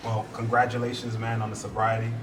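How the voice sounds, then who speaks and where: A man's voice: medium pitch, completely flat delivery, fast, fairly bright tone. Laid-back male host, distant mic. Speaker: podcast host. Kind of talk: casual chat. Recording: distant mic with chatter behind.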